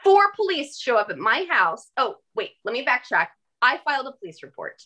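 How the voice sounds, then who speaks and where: A woman guest on a podcast, telling a personal story in an animated, emphatic way and swearing now and then. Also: sits high, normal speed. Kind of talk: casual storytelling conversation.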